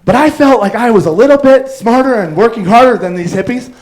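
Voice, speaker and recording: A man's voice: very high voice, animated, fairly quick, darkish tone, low-quality recording. A man doing a stand-up set on a club stage, telling rambling stories full of fillers and acted-out quotes. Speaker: stand-up comedian.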